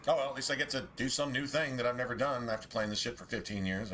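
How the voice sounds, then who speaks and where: A man streaming a game and talking over it in a loose, profane, grumbling way, often breaking into laughter. His voice is bright and forward, with a faint hiss of noise underneath. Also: mid-range voice, fairly even intonation, fast. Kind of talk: casual gameplay commentary.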